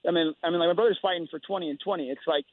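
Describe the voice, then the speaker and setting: Male interview guest, rapid and rambling with halting restarts; dry, tinny phone audio. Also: a little high, steady tone, no echo. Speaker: guest fighter.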